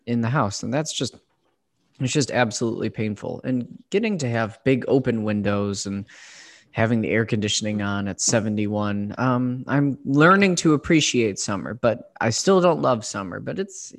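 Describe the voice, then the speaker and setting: A man co-hosting a podcast in casual, rambling chat. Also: mid-range voice. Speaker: podcast co-host.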